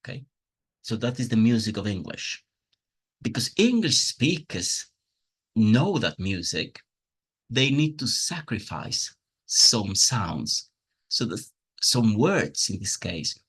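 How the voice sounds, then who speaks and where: A man's voice: fairly low pitch, very animated, takes it slowly, long pauses, fairly bright tone, husky. A man teaching a pronunciation lesson from slides, patiently explaining with spoken examples and plainly enthusiastic about teaching. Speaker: English teacher.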